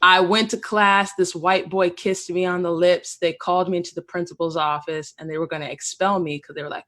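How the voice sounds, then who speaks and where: Woman co-host of a talk podcast, bright, forward voice, animated storyteller. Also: fairly low pitch, brisk, hardly any pauses. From Maryland, US. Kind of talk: casual conversation.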